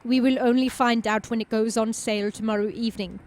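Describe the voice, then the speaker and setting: Stiff, overly formal German men, as a woman puts them on for a video game playthrough. The put-on German accent sits in a fairly high, light voice. Every line comes out stilted and carefully polite. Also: fairly even intonation, fairly quick, a little mellow, lightly acted. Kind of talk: let's play character voicing.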